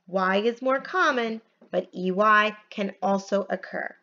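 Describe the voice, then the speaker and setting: A woman teacher giving a phonics lesson from home, spelling words out letter by letter in a slow, careful way. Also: mid-range voice, sharp tone, muffled recording.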